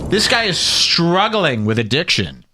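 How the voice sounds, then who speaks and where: A man hosting a show, giving mocking, animated commentary while he plays back a podcast. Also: on the high side, unhurried. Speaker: host reacting to a podcast clip. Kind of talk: casual commentary over playback.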